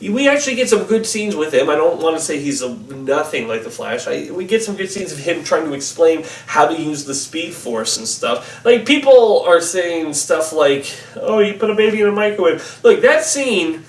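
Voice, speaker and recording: A man's voice: fairly high pitch, big pitch swings, normal speed, hardly any pauses, echoey room, far from the mic. A man giving a casual, rambling spoken film review, full of fillers and restarts.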